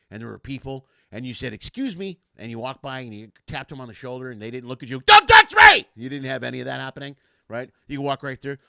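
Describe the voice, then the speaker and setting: A man's voice: mid-range voice, creaky, no echo, studio quality. A man hosting a casual comedy podcast, rambling through stories and acting out what people said. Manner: rambling storyteller, animated, acts out quotes. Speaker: host.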